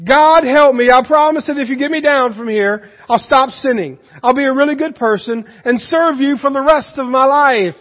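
A preacher voicing a panicked man hanging from a branch on a cliff, shouting and pleading for help. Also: very high-pitched, normal speed, hardly any pauses, in a large hall, muffled recording. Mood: desperate.

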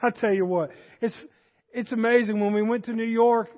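A Southern American man preaches from the pulpit, folksy and then emphatic. His voice sits very high for a man. The recording is dull and lo-fi, with a long reverb from a church hall. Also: steady tone, normal speed. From Southern United States. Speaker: pastor. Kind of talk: sermon. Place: church sanctuary.

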